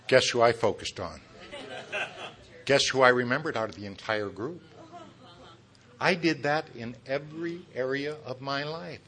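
A middle-aged man tells his story at a recovery meeting, turning his own failings into jokes. His voice is bright and forceful, and he keeps chuckling at his own lines. He throws asides straight at the listeners. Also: medium pitch, unhurried, pauses often. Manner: talks straight to the audience with asides. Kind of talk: humorous personal testimony.

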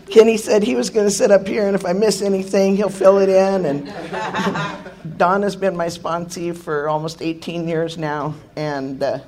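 Hoarse middle-aged woman, candid and joking. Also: lowish voice. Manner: candid, joking, laughs often, swears. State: hoarse, voice worn out. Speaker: speaker sharing at a recovery meeting. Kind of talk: personal recovery testimony. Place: meeting room with an audience.

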